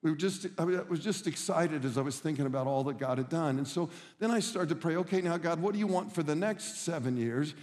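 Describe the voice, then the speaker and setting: Middle-aged male pastor, earnest storyteller, slightly high voice, long hall reverb. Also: a little fast, hardly any pauses, darkish tone. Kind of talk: sermon.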